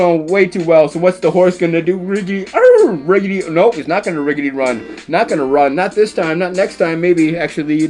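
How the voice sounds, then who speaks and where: A man commentating a chess game as comedy, stuffing his lines with rhyming nonsense words and silly squeaky exclamations. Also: darkish tone.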